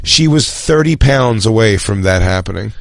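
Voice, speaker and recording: A man's voice: on the low side, animated, moderate pace, vocal fry. A man co-hosting a casual comedy radio show, telling a long, rambling story and cutting himself off mid-sentence. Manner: rambling, self-interrupting storyteller. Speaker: co-host. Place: radio studio. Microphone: studio mic.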